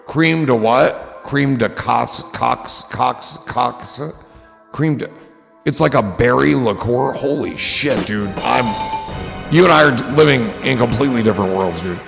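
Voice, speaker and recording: A man with a gravelly, creaky voice chats loosely on his livestream, wandering from one joke to the next and swearing freely. His voice rings with a long reverb, and soft music plays behind him. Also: medium pitch, a little slow. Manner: rambling, goofy and profane. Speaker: livestream host. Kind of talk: casual livestream chat.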